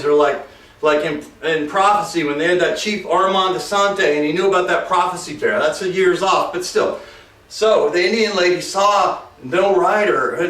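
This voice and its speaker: A man with a high voice reviews a movie in a loose, joking ramble, full of sarcastic asides. He sounds set back from the mic in a roomy, echoing space. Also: a bit bright. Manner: jokey, sarcastic, digressive, mimics characters. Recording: roomy echo, mic far off.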